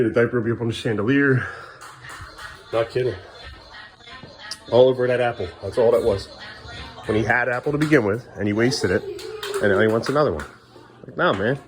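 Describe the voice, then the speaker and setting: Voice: mid-range voice, slight background noise. Parent at home talking to little kids, firm but patient, voice bouncing all over the place. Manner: firm but patient, drifting between coaxing the kids and venting to camera. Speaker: parent caring for two young children. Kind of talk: casual home vlog, talking to kids and camera. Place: indoors at home, bathroom area.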